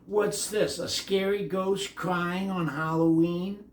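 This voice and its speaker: A man's voice: sits high, fairly even intonation, slow pace, distant mic, a little hiss or hum, pitched above the performer's own voice. An older man voicing a teasing little brown bat in a children's storybook reading. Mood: mocking. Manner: teasing singsong. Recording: echoey room.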